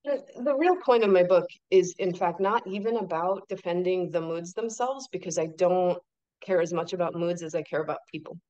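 A woman guest on a podcast talks in a slightly low voice. She sounds emphatic and animated, driving her points home with rhetorical questions. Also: moderate pace, dull audio. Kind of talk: casual interview chat.

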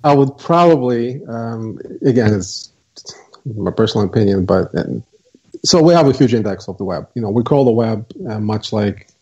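Mellow man with a dull recording. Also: lowish voice, lively intonation. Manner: measured, hesitant, many fillers. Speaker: guest, software co-founder. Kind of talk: casual interview talk. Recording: dull lo-fi audio.

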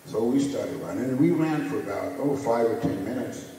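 A man's voice: medium pitch, a little fast, slight background noise. Man storyteller in an echoey hall. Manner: animated storyteller, acts out quoted voices. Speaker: racing driver telling his story. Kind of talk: storytelling on stage. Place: museum hall with audience. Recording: echoey hall, distant mic.

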